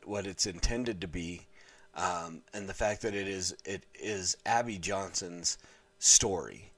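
A man speaking earnestly and haltingly to camera as an evangelist vlogger, often pausing to search for words. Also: deep voice, fairly bright tone. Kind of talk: unscripted talk to camera.

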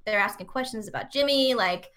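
A woman's voice: medium pitch, brisk. A woman chatting casually as a podcast co-host, retelling a movie and acting out the characters' lines. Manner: animated, acts out quotes in put-on voices. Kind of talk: casual chat.

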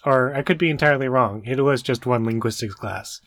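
A man's voice: mid-range voice, brisk, fairly bright tone. A man co-hosting a casual educational podcast, who talks in a joking, self-deprecating way. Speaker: podcast co-host.

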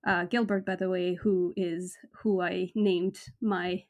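A woman hosting a casual podcast chat, reading book extracts aloud with lively expression and laughing often. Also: fairly low pitch, slow pace. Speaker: podcast host.

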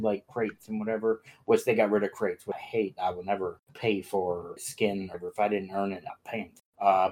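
A man's voice: on the low side, a little mellow. A young man in casual chat, rambling with hesitant uhs.

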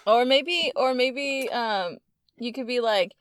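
A woman co-hosting a podcast, giggling and tentatively pitching ideas for a comedy bit. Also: slow, fairly bright tone, clean tone, no room sound, studio quality. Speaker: podcast co-host. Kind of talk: casual banter, planning a comedy bit.

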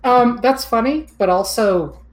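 A young woman playing a tabletop game in casual chat, excitable, swearing freely and stammering when upset. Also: on the high side, measured pace, roomy sound, poor audio.

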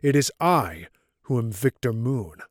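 A man reading the part of a scarred older man gravely confessing that he betrayed his rescuer, in an audiobook story. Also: mid-range voice, animated, measured pace, darkish tone, no echo, clean studio sound, close to an everyday voice. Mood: anguished.

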